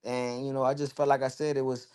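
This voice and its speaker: A young adult man, a guest on a podcast, casually tells his own story in a loose, candid way, sprinkling in "you know" and "bro". His mid-range voice is a little mellow and clean in tone, with little pitch movement and a fast pace.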